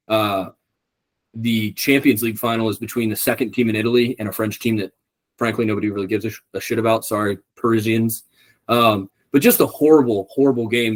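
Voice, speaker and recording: Young guy podcast cohost, rambly, swears a lot, lotta ums, mid pitch. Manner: rambling, profane, many ums. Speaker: podcast co-host. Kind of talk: casual chat.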